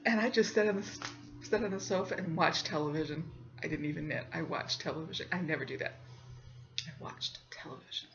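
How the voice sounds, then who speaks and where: A woman's voice: sits low, brisk, highs cut off. A woman hosting a podcast, telling a story in a chatty, casual way and laughing often. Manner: chatty, laughs often, acts out voices in her stories. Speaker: podcast host.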